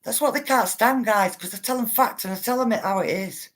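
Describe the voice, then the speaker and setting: A woman's voice: a little high, a little fast. Blunt woman live-streaming. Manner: blunt, emphatic, repeats herself for stress; addresses viewers directly. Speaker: livestreamer reading viewer comments. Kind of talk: casual live-stream talk.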